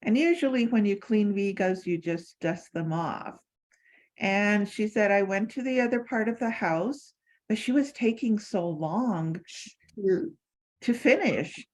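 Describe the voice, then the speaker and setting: An older woman, a former assistant, shares memories while answering audience questions after a lecture. Her mid-range voice is a little slow with lively intonation, and her warm anecdotes are full of fillers and restarts. The recording is rough.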